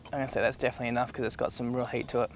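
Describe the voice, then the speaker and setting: A man's voice: mid-range voice, flat delivery, racing. A young man hosting a casual cooking demonstration in an upbeat, enthusiastic, chatty way. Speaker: cooking show host. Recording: music playing underneath.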